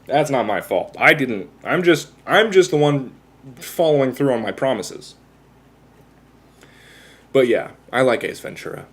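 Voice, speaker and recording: A man's voice: mid-range voice, expressive, measured pace, long pauses, slight background noise. A man chatting casually with his livestream viewers, rambling, self-mocking and swearing freely. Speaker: live streamer.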